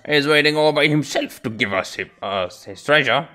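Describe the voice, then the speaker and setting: A man's voice: a little high, lively intonation, moderate pace, pushed and bright, pitched above the performer's own voice. Man doing a campy, sly bandit. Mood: mocking. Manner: campy, mock-wounded, drawling. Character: theatrical male bandit, mock-hurt and sly.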